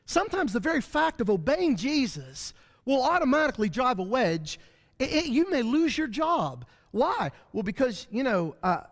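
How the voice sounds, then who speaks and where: A man's voice: very high voice, very animated, normal speed, in a large hall. A man teaching a Bible study lesson in a church, talking animatedly and acting out the voices of the people he describes. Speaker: preacher.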